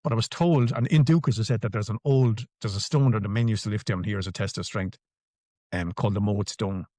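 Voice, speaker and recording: A man's voice: on the low side, brisk, dark tone, dry recording. A man with an Irish accent answering interview questions in an emphatic way, swearing freely and repeating phrases for stress. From Ireland. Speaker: podcast guest.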